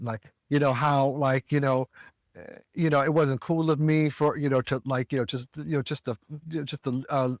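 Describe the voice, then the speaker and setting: A man from the American South telling a story as a podcast co-host, animated and profane, jumping higher when he quotes himself. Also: dry recording, clean studio sound. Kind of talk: casual storytelling rant.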